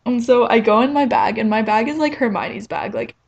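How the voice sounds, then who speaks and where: A woman's voice: on the high side, a little fast, creaky, darkish tone, dull audio. Chatty young woman, rambling storyteller. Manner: embarrassed, self-mocking. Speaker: vlogger. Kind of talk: casual storytime vlog.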